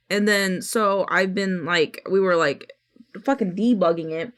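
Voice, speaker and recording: A woman's voice: mid-range voice, normal speed, fairly bright tone. A woman streamer chatting casually on a live stream, rambling and swearing freely, acting out what others said to her.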